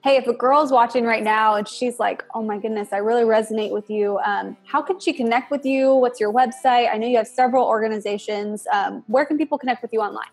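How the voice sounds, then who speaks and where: A woman's voice: on the high side, fairly quick, few pauses, husky. A woman hosting a faith interview, asking questions and affirming her guest with frequent "mm" and "yeah". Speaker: host. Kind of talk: encouraging faith interview host.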